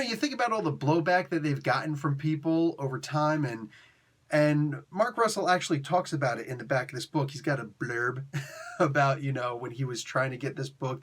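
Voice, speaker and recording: A young adult man giving a casual, excitable comic book review, laughing often and using slang. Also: medium pitch.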